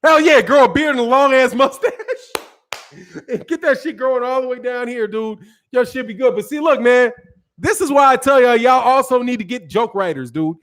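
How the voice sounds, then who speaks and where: A man with a strikingly high voice hosts a boxing live stream. He talks loose and slangy, swears freely, laughs a lot and answers his chat. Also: normal speed, a bit bright. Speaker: boxing channel host. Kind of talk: casual live-stream commentary.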